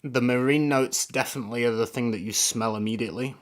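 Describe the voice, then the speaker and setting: A man's voice: medium pitch, steady tone, fast talker. A man giving casual, rambling first impressions of fragrances on a live stream, often searching for words. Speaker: fragrance reviewer.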